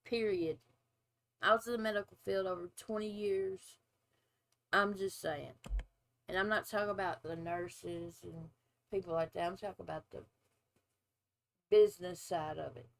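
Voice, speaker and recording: A woman's voice: fairly low pitch, vocal fry, rough recording. A woman in her forties, a former nurse, hosting a casual reaction video and giving her opinions bluntly. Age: 40s. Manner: blunt, opinionated, drawn-out asides.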